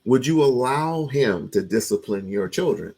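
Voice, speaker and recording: A man's voice: mid-range voice, expressive, darkish tone, slightly rough, low-quality recording. A man hosting a casual talk, firing questions and restarting his sentences. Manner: quick questions, repeats and restarts. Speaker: talk show host. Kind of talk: casual debate chat.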